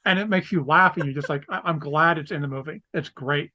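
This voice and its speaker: A young adult man with a slightly high voice co-hosts a casual movie podcast. He gushes with enthusiasm, trips over his words and swears casually. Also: brisk, bright, forceful tone, slight background noise. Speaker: podcast co-host.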